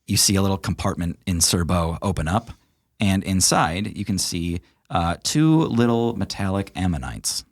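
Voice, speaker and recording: A man narrating as game master of a tabletop game, describing scenes in a relaxed way. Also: sits low, moderate pace, no echo, clean studio sound.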